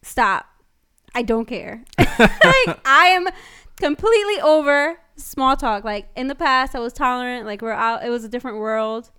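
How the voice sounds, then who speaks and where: High-voiced woman cohost, blunt and fed up, crisp clear voice. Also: lively intonation, moderate pace, sharp tone. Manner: blunt, exasperated ranting, laughs often. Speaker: podcast co-host. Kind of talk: casual chat.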